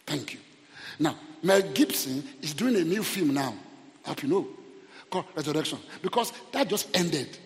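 A man preaching a sermon as pastor, animated, rising to shouts at the peaks and drawing responses from the congregation. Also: fairly high pitch, moderate pace. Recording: long hall reverb.

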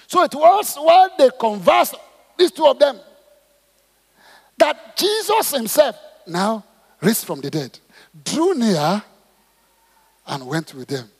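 Preacher guy, high husky voice bouncing all over, big echoey church hall. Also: slow, long pauses. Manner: animated, swings between shouting and soft asides, calls for congregation responses. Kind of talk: sermon, reading and expounding scripture. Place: church auditorium. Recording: long hall reverb in church auditorium.

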